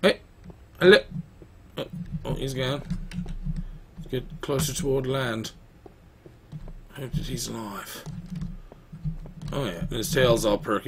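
A young man chatting loosely through a let's-play, rambling and talking back to the dog in the game. His voice sits at an everyday middle pitch. Faint clicking and hiss run under it. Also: takes it slowly, long pauses. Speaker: gaming YouTuber. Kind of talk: casual let's-play commentary.

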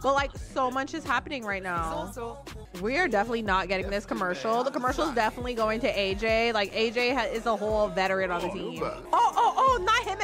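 A woman with a fairly high voice chats through a life-sim game, swearing freely and dropping into her characters' thoughts. Her talk is loose and conversational. Music plays clearly under her voice. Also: expressive, fast. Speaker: gameplay commentator. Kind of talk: casual let's play commentary.

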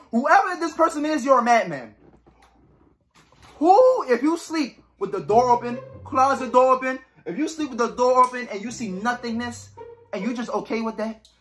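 A man's voice: high-pitched, fairly bright tone. A young man giving joking, swearing horror game commentary, reading the game text aloud. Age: young adult. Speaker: gaming YouTuber.

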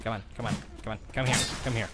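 A man's voice: on the low side, fairly even intonation, racing, very noisy. A man hosting a gameplay video, chatting casually and cracking goofy jokes as he plays. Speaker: gaming channel host.

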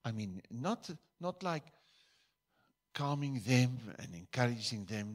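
A male pastor from South Africa preaching a sermon in a church, switching between loud emphatic bursts and quiet asides. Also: medium pitch, very animated, measured pace.

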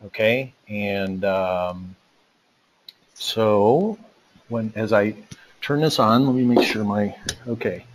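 A man's voice: fairly low pitch, slow pace, long pauses, background noise. A man presenting a technical webinar, walking through a live demo in a casual way with lots of fillers and restarts. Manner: casual, thinks aloud with many fillers. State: out of breath.

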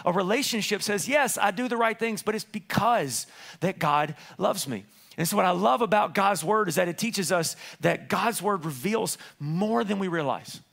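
A pastor delivers a sermon in a high, gravelly voice. Animated and playful, he performs the voices of characters in his stories and frequently gets loud and fast to land a punchline.

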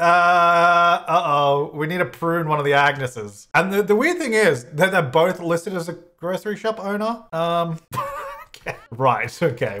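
A man's voice: a little high, a bit bright. A man hosting a casual let's-play, chatting to the game's characters and exclaiming at glitches as he goes. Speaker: gaming channel host.

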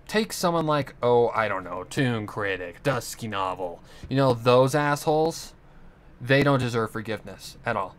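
A man's voice: mid-range voice, a bit bright. A young man talking into the camera in a rambling, earnest monologue, swearing often as he talks about his own past. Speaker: channel host. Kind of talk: casual monologue.

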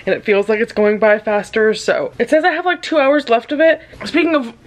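A woman's voice: a little high, fairly quick. A young woman casually vlogging about her reading, candid and self-deprecating, with some swearing. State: tearful. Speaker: book vlogger. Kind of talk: casual vlog chat.

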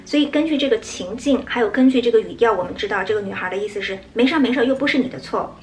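Fast-talking woman English teacher. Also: on the high side, animated, darkish tone, slight background noise. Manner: brisk and explanatory, acting out example lines. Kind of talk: explaining English usage in Mandarin.

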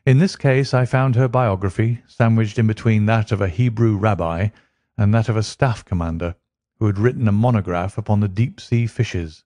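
A man reading a story aloud in a steady, unhurried way as narrator for English learners. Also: on the low side, dry recording.

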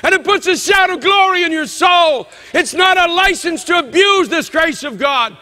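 A male pastor preaches with fervent, shouted conviction. His voice sits very high and bright, and it rings out with long reverb through a large church. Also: animated, moderate pace. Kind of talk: sermon.

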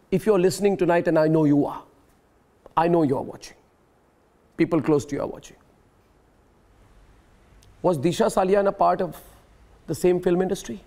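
A male TV news anchor, moderating a heated debate in a forceful, combative way and often repeating himself. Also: high voice.

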